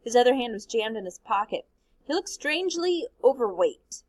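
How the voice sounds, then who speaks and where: A woman, a teacher, reading a novel aloud in a steady, expressive way. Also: fairly high pitch, moderate pace, no echo, rough recording.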